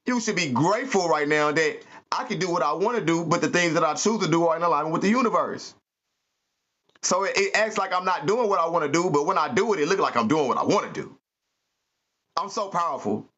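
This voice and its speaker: A man with a high, bright, sharp-edged voice delivers a spiritual pep talk with preachy emphasis and plenty of street slang and cursing. The audio is muffled and lo-fi. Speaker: podcast host.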